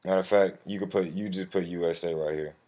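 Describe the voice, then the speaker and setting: Man, very low voice, relaxed street-slang delivery, walks viewers through a form over keyboard clicks. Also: quick pace. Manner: slangy, addresses viewer as bro; profane when flustered. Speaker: tutorial host. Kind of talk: casual screen-recorded walkthrough. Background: keyboard typing and mouse clicks.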